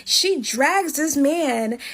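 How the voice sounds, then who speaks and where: A woman telling a casual storytime to camera in slangy, lively speech. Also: high-pitched, extremely slow.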